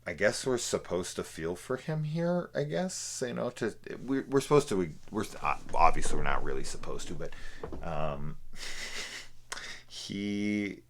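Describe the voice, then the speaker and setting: A man's voice: lowish voice, expressive, a little slow. A man casually reviewing a film, rambling with many fillers and restarts. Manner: rambling, lots of fillers and laughs.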